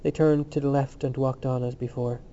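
A man narrating a literary novel in a steady, measured reading. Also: medium pitch, muffled recording, slight background noise. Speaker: audiobook narrator.

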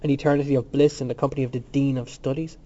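A man's voice: medium pitch, fairly even intonation, rapid-fire, mellow, muffled recording, lightly acted. A man voicing a brooding, defiant young student who answers tersely and bitterly.

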